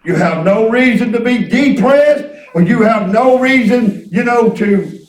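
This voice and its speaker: A high-voiced male preacher talks through his message like a chat, folksy and rambling, repeating words as he goes. He sits back from the mic, and the room around him rings with echo. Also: unhurried. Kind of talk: conversational preaching. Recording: echoey room, distant mic.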